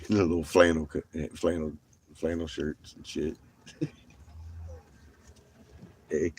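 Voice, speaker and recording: A man's voice: extremely low pitch, slow, long pauses, a little mellow, husky. A man livestreaming from his vehicle, chatting casually with viewers, laughing often and swearing freely.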